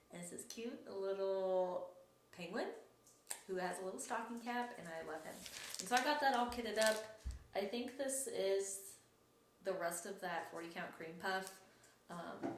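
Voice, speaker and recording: A young woman hosting a cross-stitch vlog, chatting casually and rambling, often correcting herself. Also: medium pitch. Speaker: flosstube host. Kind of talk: casual show-and-tell vlog. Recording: echoey room with faint noise.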